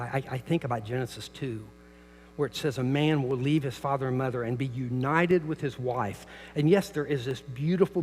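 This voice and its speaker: A man's voice: a little high, in a large hall. An older man, a pastor preaching a sermon, telling stories, who often repeats words as he starts a phrase. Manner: storytelling, repeats words at the start of phrases, rises loud when quoting. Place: church sanctuary.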